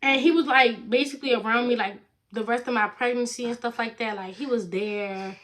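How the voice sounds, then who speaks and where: A woman's voice: fairly high pitch, fairly even intonation, brisk, a bit bright. A young woman vlogger rambling through a personal storytime in a casual, chatty way, full of fillers and "like".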